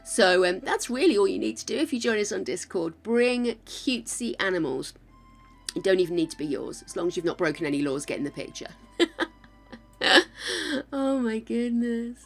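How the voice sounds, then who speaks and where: An older woman from England with a croaky voice, chatting and thanking viewers while building in a game, self-mocking and gushing. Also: mid-range voice, lively intonation, moderate pace, faint music behind. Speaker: game streamer.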